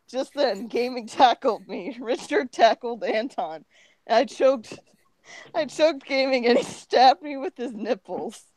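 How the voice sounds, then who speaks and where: A woman's voice: a little high, lively intonation, a little slow, a little mellow, no room sound. A woman co-hosting a podcast, reading crude fan fiction aloud for laughs and giggling through it. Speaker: podcast co-host.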